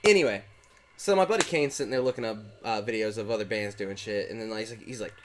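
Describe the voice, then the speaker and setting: While playing a game with a friend, a young man co-hosting tells a long, rambling story, often breaking off mid-sentence in a casual, self-interrupting way. His medium-pitched voice is expressive and fast, with slight background noise.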